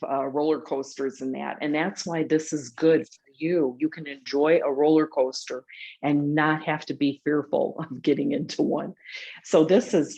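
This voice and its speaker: Upbeat lower-voiced woman instructor, chatty, laughs easily, muffled video-call audio. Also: a little mellow. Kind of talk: leading a group laughter exercise over video.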